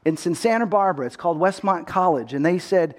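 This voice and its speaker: Earnest high-voiced male pastor. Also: fast. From Texas. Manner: earnest, storytelling, often restarts words. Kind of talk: sermon.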